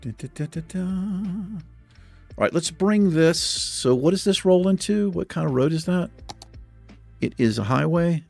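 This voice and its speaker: A man's voice: a little high, animated, unhurried, creaky, a little mellow, faint music behind. A man hosting a let's play, talking through his building with joking, self-deprecating asides and frequent chuckles. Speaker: gaming channel host.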